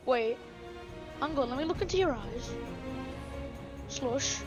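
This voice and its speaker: A woman vlogging a pretend spooky adventure, swinging dramatically between hushed whispers and excited shouts. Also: sits high, slow, highs cut off, over music.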